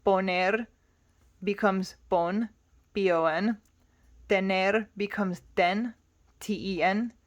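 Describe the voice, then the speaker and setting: A woman's voice: mid-range voice, fairly even intonation, takes it slowly, long pauses. A woman teaching a Spanish lesson, explaining patiently and spelling words out letter by letter.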